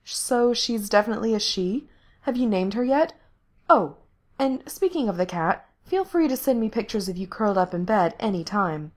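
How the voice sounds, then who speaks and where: Woman reader as young woman, relaxed, teasing, low-key, easygoing. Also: normal speed, lightly acted.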